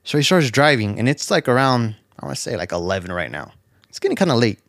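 A man's voice: mid-range voice, very animated, fast talker, a bit bright, no echo. A man co-hosting a podcast and telling a long, rambling story, heavy on swearing and filler words. His voice sits in a middle register. It is recorded close and dry, with no room sound. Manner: rambling anecdotes full of profanity and "like". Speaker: podcast co-host. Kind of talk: casual storytelling chat.

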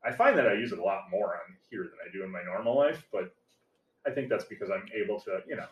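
A man's voice: on the low side, expressive, fast talker, roomy sound, far from the mic, dull audio. Crude joking man in his forties. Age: 40s. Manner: crude, self-mocking banter. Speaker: podcast co-host. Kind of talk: casual chat.

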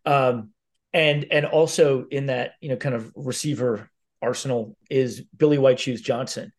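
A man hosting an interview who asks questions in a halting way, often restarting his sentences. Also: medium pitch, fairly even intonation. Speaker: podcast host. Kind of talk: casual interview.

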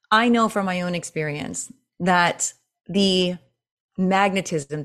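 A woman coach talking in a casual interview, telling stories with lively swings in her voice. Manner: animated storyteller, acts out quotes with big pitch jumps. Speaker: presentation coach, guest.

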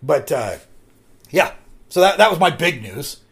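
Rambling, lively-voiced man telling stories. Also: a little high, unhurried, gravelly. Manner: rambling storyteller, swears freely. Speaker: podcast co-host. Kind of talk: casual chat.

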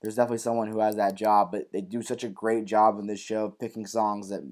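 Male podcast co-host, casual recap chat, animated, curses a lot. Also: on the low side, fast talker. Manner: animated, swears freely, acts out quotes loudly.

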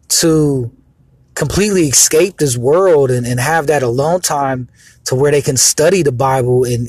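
A man's voice: fairly high pitch, darkish tone, breathy edge, no room sound. Earnest man preaching casually, dry close sound. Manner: earnest, rambling, many fillers. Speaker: Christian speaker.

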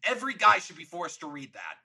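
A man's voice: high-pitched, wildly swooping pitch, fast, gravelly, bright, forceful tone, husky, rough recording. A man co-hosting a podcast, chatting casually about a movie and laughing easily. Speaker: podcast co-host.

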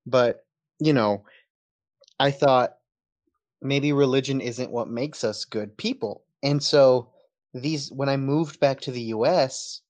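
A man's voice: medium pitch, slow pace, darkish tone. A man with a slight Texan accent chatting as a podcast guest, telling stories and laughing often. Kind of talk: casual podcast chat.

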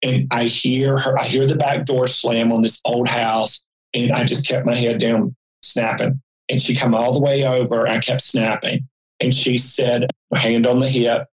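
A man's voice: medium pitch, level tone, moderate pace, poor audio. Folksy man telling stories. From rural North Carolina. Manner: folksy, vivid anecdotal storyteller. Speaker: guest psychic. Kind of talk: casual storytelling.

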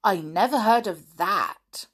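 A woman's voice: medium pitch, lively intonation, slow, a bit bright, husky, exaggerated voice. A woman voicing a timid, anxious male bunny in a children's storybook, fretful and nervous.

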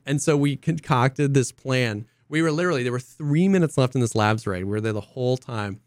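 A young man co-hosting a casual podcast, an excitable storyteller who acts out quotes in high voices. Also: a little fast, hardly any pauses, no echo, studio quality. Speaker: podcast co-host. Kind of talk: casual chat.

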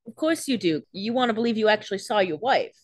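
A woman's voice: mid-range voice, animated, fast, no echo. A woman co-hosting a podcast, making sarcastic jokes and teasing asides about a TV episode. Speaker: podcast co-host. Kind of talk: casual chat, wisecracks.

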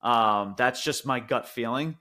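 A man in a mid-pitched voice talks through a review in loose, casual chat, his speech lively and full of restarts as he builds up his take. He sounds like a podcast co-host riffing on what he watched. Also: measured pace. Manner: animated, rambling retelling with frequent restarts.

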